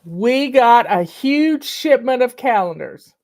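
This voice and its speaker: A woman with a drawl hosts a casual live video, talking slowly in a folksy, heartfelt way. Her voice sits a little high, and she sounds teary. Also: expressive, darkish tone. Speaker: host.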